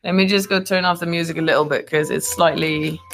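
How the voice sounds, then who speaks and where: A woman's voice: low-pitched, steady tone, a little fast, creaky, fairly bright tone, soft background music. A woman vlogger in casual, rambling chat, answering viewer comments in a playful way.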